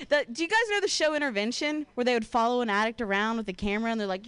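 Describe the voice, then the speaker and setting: A woman's voice: fairly high pitch, brisk, fairly bright tone, clean tone, dry recording. A young woman from Ohio doing a stand-up comedy set, casual and profane, full of "like" and "you know", self-deprecating. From Ohio, USA.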